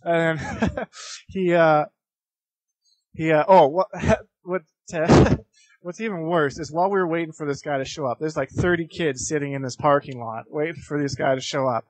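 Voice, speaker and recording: A man's voice: a little high, normal speed, no echo. A young man in his late teens, a guest in a casual interview, telling rambling stories and laughing often between phrases. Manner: many fillers and restarts. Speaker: interview guest, competitive gamer.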